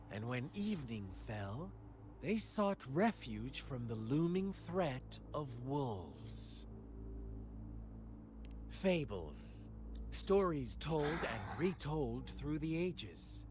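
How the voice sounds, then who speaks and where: An actor playing a calm, scheming male storyteller in a game cutscene, with a measured, fable-telling delivery. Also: medium pitch, a little hiss or hum. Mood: storytelling. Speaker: game cutscene narrator and character. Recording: game cutscene with music behind.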